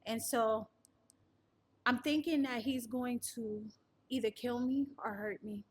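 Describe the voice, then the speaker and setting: A woman's voice: on the high side, steady tone, a little slow, a little mellow, husky. A woman telling her survival story in an interview, narrating earnestly and acting out what others said. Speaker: guest sharing a survival testimony. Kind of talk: personal testimony interview.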